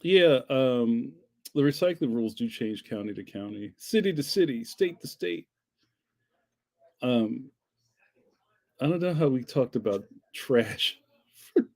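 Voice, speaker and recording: Mellow rambling Philly man. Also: mid-range voice. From Philadelphia, US. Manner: rambling, jokey, laughs often. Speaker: livestream host. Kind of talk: casual chat reading viewer comments.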